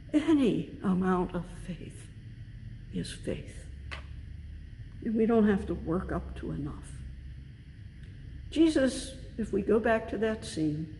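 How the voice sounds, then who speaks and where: Slow, deliberate woman pastor preaching. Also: medium pitch, vocal fry, a little mellow. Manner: measured, deliberate preaching with emphatic stresses. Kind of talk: sermon. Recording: long reverb with faint background noise.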